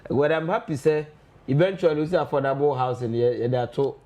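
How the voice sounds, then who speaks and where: A man with a Ghanaian accent hosting a political talk show, moving between Twi and English in a measured way. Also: medium pitch, dark tone. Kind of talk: radio-TV political discussion.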